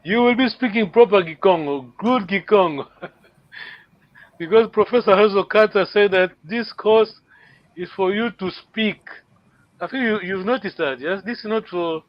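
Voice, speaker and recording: A man teaching a language class online, patient, often checking understanding with a quick question. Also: high voice, no echo, lo-fi sound.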